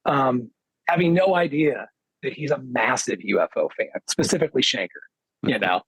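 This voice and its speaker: A man, a guitarist guest on a podcast, telling a casual anecdote in an animated way, acting out what other people said with lots of "he goes.". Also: mid-range voice, normal speed, breathy edge, no room sound, low-quality recording. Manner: animated, quotes others with "he goes" and acts their lines; loose filler-heavy phrasing.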